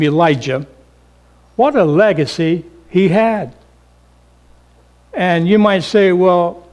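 High-voiced man preaching slow, goes loud then real hushed for effect. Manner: dramatic swings between loud emphasis and hushed near-whisper. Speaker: pastor. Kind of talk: sermon.

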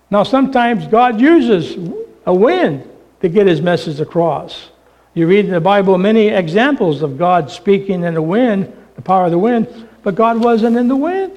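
A man preaching a sermon, swinging from loud, emphatic points down to a hushed near-whisper. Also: high voice. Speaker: pastor.

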